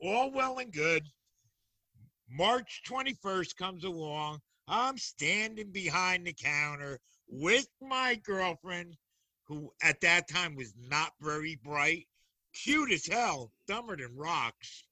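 A man with a high, very bright voice tells teasing stories, acting out other people's lines. His voice sounds close and dry, with no room around it. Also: lively intonation, slow, no echo. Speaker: guest, occult teacher and shop owner. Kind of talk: animated storytelling.

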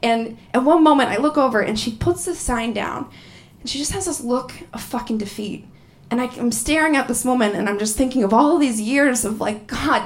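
A woman in her thirties doing a stand-up comedy set on stage, profane and animated, laughing through her punchlines. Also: fairly high pitch, normal speed. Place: comedy venue with a live audience.

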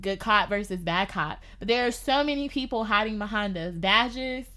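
A woman telling a personal story in casual podcast chat, animated and filling her talk with "like". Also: mid-range voice, normal speed. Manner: animated, lots of "like". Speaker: podcast guest.

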